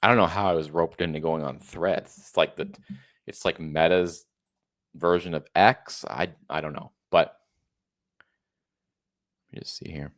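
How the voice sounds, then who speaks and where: A man's voice: sits low, fairly even intonation, unhurried, pauses often, a bit bright. A man in his thirties hosting a casual commentary, reacting to a video in a sarcastic, incredulous tone. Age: 30s. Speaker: host.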